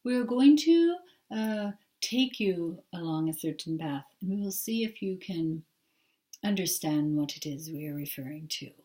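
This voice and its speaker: A woman channeling a patient, genderless spirit that speaks as "we" and explains its ideas in a calm, unhurried way. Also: lowish voice, far from the mic, pitched below the performer's own voice. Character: gentle collective spirit, genderless, patient teacher. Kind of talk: trance channeling talk.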